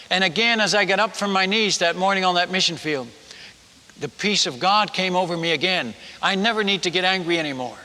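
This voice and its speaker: Bright-voiced man preaching a story. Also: high-pitched, big-room sound. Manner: animated, self-mocking, halting restarts. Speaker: missionary preacher. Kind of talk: sermon storytelling.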